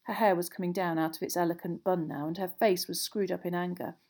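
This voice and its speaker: Low-voiced woman narrating a storybook. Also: fairly even intonation, quick pace, a little mellow. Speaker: audiobook narrator.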